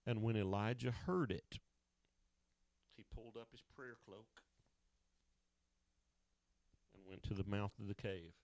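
A man preaching a sermon, swinging between loud emphatic lines and hushed asides. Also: fairly low pitch, steady tone, normal speed, dry recording.

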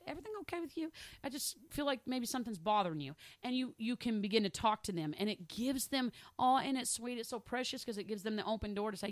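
A woman's voice: fairly high pitch, no echo, clean studio sound. A middle-aged woman teaching a casual Bible study, chatty and laughing, checking in with "okay?" and acting out little dialogues. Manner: acts out little dialogues in other voices. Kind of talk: casual teaching on spiritual gifts.

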